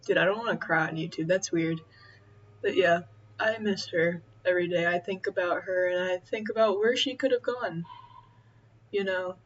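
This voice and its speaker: A young woman chatting casually as she eats, rambling and halting with many fillers. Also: lowish voice, muffled recording. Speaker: vlogger. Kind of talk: casual chat while eating.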